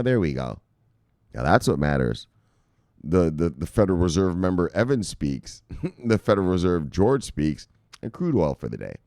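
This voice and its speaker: A man hosting a crypto news show, talking casually and brashly to his viewers, swearing often and reading out viewer shout-outs. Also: on the low side, dry recording, clean studio sound. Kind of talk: casual profane market commentary to viewers.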